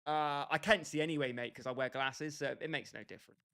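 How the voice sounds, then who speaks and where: A man's voice: fairly high pitch, fairly even intonation, quick pace, pushed and bright. A young British man casually chatting with his livestream viewers, bantering with them by name and laughing often. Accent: British English. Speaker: streamer.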